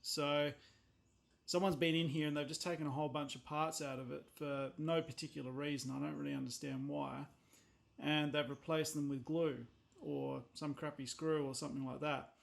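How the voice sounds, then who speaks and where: Speaking at a normal speed in a gravelly, fairly high voice with a level tone, an Australian man narrates a watch repair in relaxed workbench talk. He's a blunt watchmaker who gets exasperated and swears when things annoy him.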